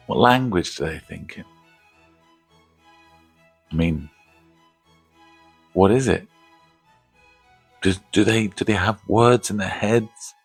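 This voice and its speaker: A man's voice: on the low side, creaky, husky, no room sound. A man hosting a casual movie review, rambling, laughing often and swearing casually.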